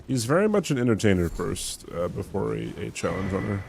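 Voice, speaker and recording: A man's voice: on the low side, big pitch swings, fairly quick, vocal fry, darkish tone, slight background noise. A young man streaming a game, chatting to viewers in a rambling, self-mocking way and laughing often. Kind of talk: casual chat while gaming.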